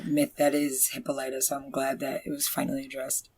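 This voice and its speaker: A young adult woman co-hosting a podcast, giving an animated, casual review full of fillers. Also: very deep voice, fairly quick. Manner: animated, uses many fillers. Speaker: podcast co-host.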